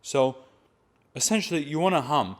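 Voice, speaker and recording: A man's voice: a little high, expressive, moderate pace. A man teaching voice technique, explaining each step plainly and demonstrating sounds between his explanations. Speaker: voice and chant teacher. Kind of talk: vocal technique lesson.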